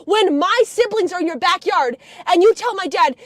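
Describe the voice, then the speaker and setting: A woman with a strikingly high, piercing voice launches into a foul-mouthed rant, swinging between storytelling and angry shouting. Her voice sits dry and close to the mic, with no room sound around it. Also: expressive, normal speed, few pauses, dry recording. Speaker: guest on a live stream. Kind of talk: profane ranting rant-story.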